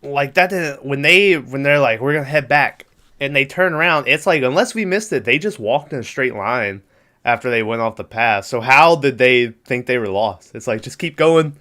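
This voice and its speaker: A man's voice: mid-range voice, expressive, moderate pace, sharp tone. A man co-hosting a casual movie podcast, recapping scenes in a laid-back, profane way and laughing often. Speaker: podcast co-host.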